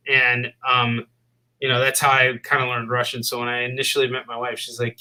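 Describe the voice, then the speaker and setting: A man's voice: mid-range voice, moderate pace, pushed and bright, low-quality recording. A man from the Midwest hosting a live comic book stream, chatting casually with a guest and plugging books, with plenty of fillers. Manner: upbeat, lots of fillers and plugs. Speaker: host of a live comic shop show.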